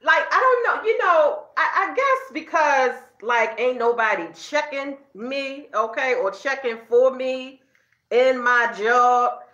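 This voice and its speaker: A middle-aged woman chats to her viewers, calling them girl and y'all and ending her points with okay. Her voice is bright and a little high. It is recorded in an echoey room with a slightly dull sound. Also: slow pace. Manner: chatty, addresses viewers as girl and y'all, frequent okay tags. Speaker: vlogger talking to her viewers. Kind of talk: casual storytelling chat.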